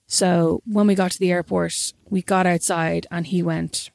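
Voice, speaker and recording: A young Irish woman telling a story in casual chat, animated and swearing freely. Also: fairly low pitch, normal speed, gravelly, few pauses, no echo, studio quality. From Ireland.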